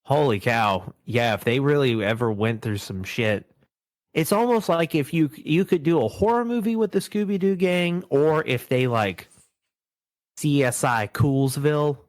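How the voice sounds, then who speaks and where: A man's voice: medium pitch, a little slow, no room sound. Podcast guy laughing thru a cartoon recap, dry close mic, mid voice. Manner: laughing, animated retelling with quoted voices. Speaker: podcast host. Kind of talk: casual chat.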